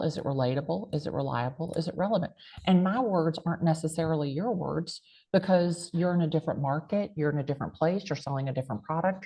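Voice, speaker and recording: A woman's voice: low voice, muffled recording. A woman with a strong American country accent, giving punchy, emphatic advice full of folksy catchphrases in an interview. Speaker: real estate agent and guest speaker. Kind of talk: motivational interview talk.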